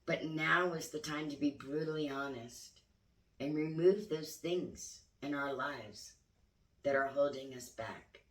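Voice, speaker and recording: Speaking slowly in a low-pitched voice, an older grandmother shares earnest, candid reflections for her spiritual vlog, swearing now and then. She sits well away from the microphone, so the sound is roomy.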